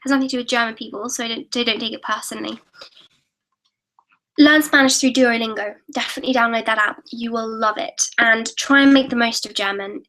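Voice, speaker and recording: A teenage girl hosts a live Q&A from her computer, reading viewer comments aloud and answering in a chatty, giggly way with quick restarts. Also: on the high side, sharp tone, low-quality recording. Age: teens. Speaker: YouTuber hosting a live Q&A.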